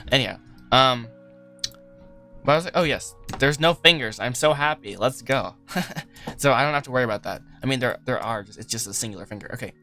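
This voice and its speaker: Rambling streamer guy, bright and laughing, light music under him. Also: mid-range voice, brisk, pauses often. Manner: rambling, self-deprecating, laughs often. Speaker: livestream host, animator. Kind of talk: casual livestream chat while working. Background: soft lofi music.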